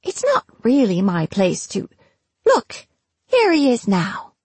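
A woman doing Barrowhill, a blunt, brisk officer. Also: on the high side, wildly swooping pitch, a little mellow, breathy edge, no echo, pitched above the performer's own voice, exaggerated voice.

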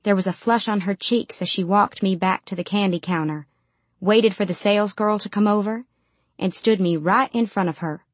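A woman narrating first-person fiction in a measured, steady storytelling manner. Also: medium pitch, no room sound. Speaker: audiobook narrator.

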